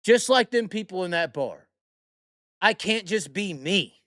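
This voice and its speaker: Profane high-voiced man ranting. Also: animated, unhurried, fairly bright tone, no room sound, clean studio sound. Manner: profane, rambling, heated storytelling. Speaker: host. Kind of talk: casual podcast rant.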